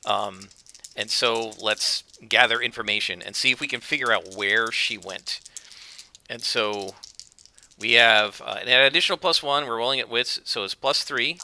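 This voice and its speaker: A man's voice: medium pitch, normal speed, bright, forceful tone. A man narrating his solo tabletop game, thinking aloud and explaining dice rolls with frequent fillers and corrections. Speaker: game master and solo player.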